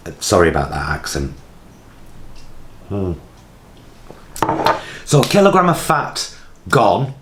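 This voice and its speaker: A man's voice: deep voice, wildly swooping pitch, unhurried, pauses often, a little hiss or hum. A British man in his forties vlogging from his home kitchen, chatting casually to camera in a rambling, self-mocking way, recorded on his vlogging camera. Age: 40s.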